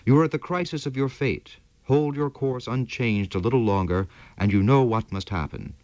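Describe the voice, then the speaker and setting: A man's voice: medium pitch, normal speed, a little mellow, no room sound, close to an everyday voice. A man reading aloud, voicing a young army captain who speaks with grave, earnest reproach. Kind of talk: audiobook character reading.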